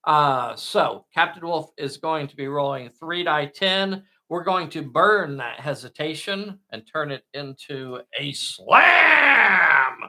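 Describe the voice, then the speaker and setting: A man's voice: on the high side, a little slow, few pauses, pushed and bright. A man hosting a solo tabletop game, narrating the action with play-by-play enthusiasm and often addressing viewers as boys and girls.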